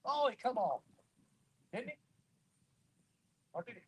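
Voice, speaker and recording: A man hosting a fishing stream from a riverbank, talking in a folksy, blunt way and quick to get worked up. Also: very high-pitched, very animated, slightly rough. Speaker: fishing channel host. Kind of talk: casual outdoor storytelling. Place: riverbank outdoors.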